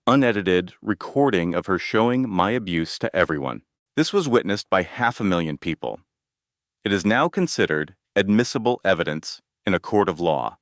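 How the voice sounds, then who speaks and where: Male narrator, low voice, dry close sound, measured reading of a story. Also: no room sound.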